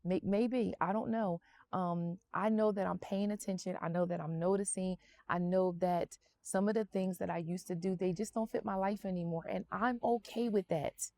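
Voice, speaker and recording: A woman's voice: mid-range voice, steady tone, normal speed, a little mellow. A woman in her fifties, seated outdoors, vlogging encouragement from her faith and repeating affirmations. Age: 50s. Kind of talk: faith-based motivational vlog.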